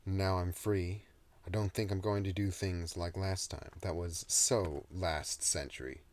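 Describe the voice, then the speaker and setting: A man voicing a deep, smug demon. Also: steady tone, measured pace, a little mellow. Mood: taunting. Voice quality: deep, soothing. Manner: mock-polite, gloating. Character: ancient male demon, smug and taunting.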